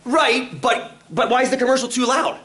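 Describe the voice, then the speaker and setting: A man teaching a statistics class, animated and full of questions for his students. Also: very high voice, moderate pace. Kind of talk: classroom lecture. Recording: roomy, from far off, faint room noise.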